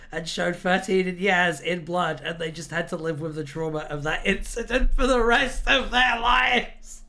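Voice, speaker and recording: A man hosting a casual livestream, animated and laughing often as he rambles through jokes and rants. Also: high voice, a little slow. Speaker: livestream host.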